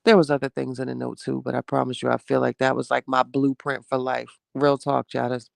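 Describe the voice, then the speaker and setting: A man from New Jersey chatting heartfelt and casual on a home live stream, reading out his chat and breaking into loud exclamations. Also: mid-range voice, little pitch movement, brisk, creaky, no room sound.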